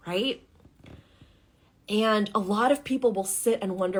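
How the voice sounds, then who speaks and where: A woman's voice: mid-range voice, moderate pace, long pauses. A woman business coach talking in a podcast monologue, emphatic and often checking in with "right?". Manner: acts out excited and doubtful voices when quoting.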